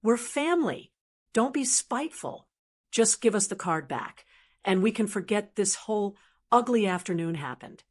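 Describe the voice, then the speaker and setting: A woman's voice: medium pitch, animated, normal speed, natural voice. A woman voicing a manipulative daughter-in-law who talks down insistently in a storybook reading. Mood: coaxing. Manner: condescending, insistent. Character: pushy, manipulative daughter-in-law, falsely sweet.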